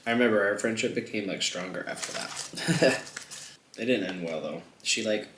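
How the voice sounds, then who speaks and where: A man's voice: fairly low pitch, moderate pace, noisy background. A young man chatting casually while eating on camera, rambling and jumping between topics with lots of filler words. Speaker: mukbang vlogger. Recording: echoey room.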